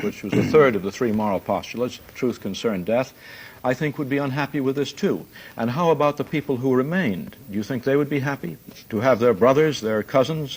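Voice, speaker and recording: Calm guy making a careful moral argument, old tv debate clip. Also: medium pitch. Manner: measured, reasoning, philosophical. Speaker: debate guest. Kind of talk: archival televised debate.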